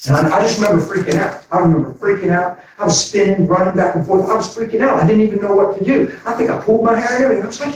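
A man preaching a sermon, telling stories with animated energy, laughing and acting out conversations. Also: high-pitched, rapid-fire, few pauses. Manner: animated, laughing, acts out dialogue. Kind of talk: sermon with storytelling. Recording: very echoey, distant from mic.

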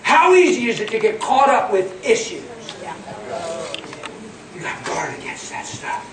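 A preacher telling a testimony in a sermon, animated and laughing, dropping to a hush and then rising to a shout. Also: mid-range voice, unhurried, a crowd in the background. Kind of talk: sermon storytelling. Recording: echoey hall, mic at a distance. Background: audience and room noise.

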